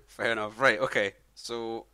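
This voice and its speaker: A man's voice: medium pitch, pushed and bright, slight background noise. A man running a tabletop game, narrating loosely with lots of "kinda" and "like". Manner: rambling, heavy use of fillers like "kinda" and "like". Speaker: game master.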